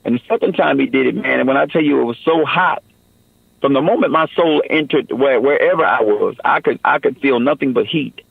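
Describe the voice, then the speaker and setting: A man's voice: medium pitch, fairly quick, vocal fry, breathy edge, no room sound, narrow, tinny audio. A man giving an earnest personal testimony in a radio interview, often saying "man" and "you know".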